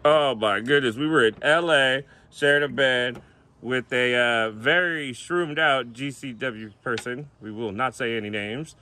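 Brash joking male host, bright tense voice. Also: mid-range voice, measured pace, no echo. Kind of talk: casual chat, interviewing a guest. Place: outdoors, hot day.

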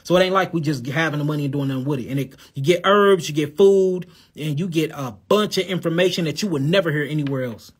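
Fast and high-pitched with a breathy edge and barely any pauses, this man hosts an herbal health show from St. Louis, USA. He has a St. Louis accent and a lisp on his s sounds, and casually answers viewer questions live, calling them y'all and God.

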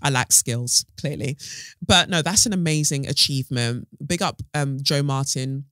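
A woman's voice: a bass voice, moderate pace, a bit bright, no echo, studio quality. Chatty British woman podcasting solo. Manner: chatty, playful, drifts into asides and slang. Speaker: podcast host. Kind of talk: casual solo podcast chat.

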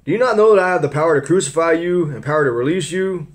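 A man's voice: on the high side, fast, pitched above the performer's own voice, lightly acted. A man voicing a weary, exasperated Roman governor who pleads with an angry crowd in a raised, emphatic voice.

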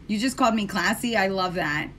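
Live-stream host: American woman, sassy and talkative, bright tone. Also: mid-range voice, a little fast, slight background noise. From United States. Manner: chatty, sassy, talks straight to viewers. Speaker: live-stream host doing her makeup. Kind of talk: casual live chat.

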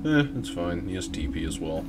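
A man with a fairly low voice hosts a relaxed gaming session, cracking jokes and laughing easily. Loud game music plays behind him throughout. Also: a little fast. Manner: jokey, laughs often. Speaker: gaming channel host. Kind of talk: casual gaming chat.

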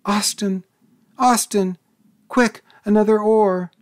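A woman's voice: mid-range voice, fairly even intonation, takes it slowly, voice pushed up, close to an everyday voice. A man doing a shrieking terrified wife. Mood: frantic screaming. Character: terrified young wife, frantic and desperate.

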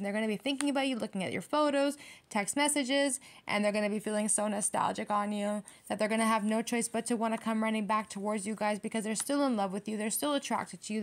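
A woman giving a tarot reading straight to her viewers, blunt and heavily profane, getting heated and repeating herself. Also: mid-range voice. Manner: fast, repetitive, direct address to viewers. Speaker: tarot reader.

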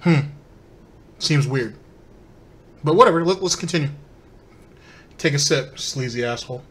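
A man's voice: a little high, measured pace, a bit bright, slight background noise. A man hosting a commentary channel who reacts to clips with sarcastic, mocking remarks aimed at his viewers.

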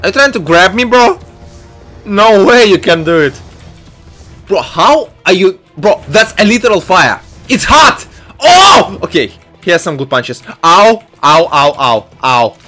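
A young adult man giving excitable, jumpy let's-play commentary full of shouts and exclamations. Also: high voice, measured pace, faint music behind. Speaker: gaming YouTuber.

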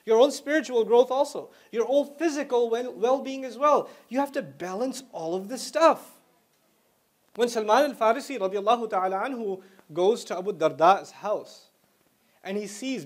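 Casting note: male Islamic lecturer with a high voice, chatty storytelling, quick Arabic recitation. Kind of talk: Islamic lecture to a student audience.

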